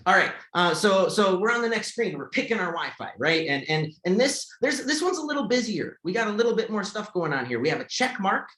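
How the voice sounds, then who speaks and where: Man, fairly high voice, halting tutorial presenter who stumbles and restarts; echoey room. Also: very animated, bright, forceful tone. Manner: halting, repeats words and restarts often. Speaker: accessibility tester and presenter. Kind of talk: screen-share tutorial walkthrough.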